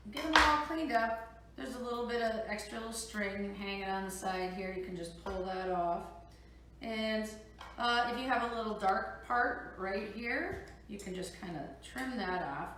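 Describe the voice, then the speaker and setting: A woman's voice: mid-range voice, background noise. Upbeat minnesotan lady cooking at home, lots of ums, roomy echo, mic a bit far off. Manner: chatty and upbeat, with many fillers. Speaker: cooking show host. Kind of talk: casual cooking demo. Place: home kitchen. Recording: echoey room from off-mic.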